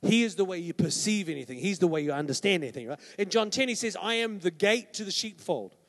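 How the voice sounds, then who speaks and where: A man's voice: sits high, expressive, quick pace, fairly bright tone. A man preaching a sermon as pastor, conversational and emphatic, often checking in with "right?". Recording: long hall reverb.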